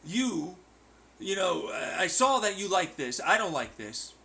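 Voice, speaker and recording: A man's voice: sits high, big pitch swings, measured pace, creaky, sharp tone. A man delivering a profane, sarcastic vlog rant, mocking the people he talks about in imitation voices. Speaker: vlogger. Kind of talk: ranting vlog commentary.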